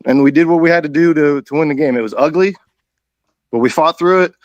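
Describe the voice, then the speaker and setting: Smooth-voiced enthusiastic male caller. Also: a little high, fairly quick, no room sound, lo-fi sound. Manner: enthusiastic, confident.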